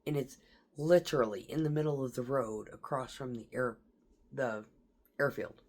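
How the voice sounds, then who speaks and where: A woman's voice: rumbling low, moderate pace, darkish tone. A woman military veteran telling stories from her tours in a blunt, profane, casual way, laughing through tense memories. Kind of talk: casual storytelling.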